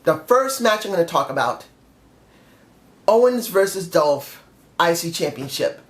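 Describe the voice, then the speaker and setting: A man's voice: on the high side, big pitch swings, a little slow, echoey room. A man giving blunt, opinionated reviews in a casual vlog, often dismissive. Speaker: wrestling show reviewer.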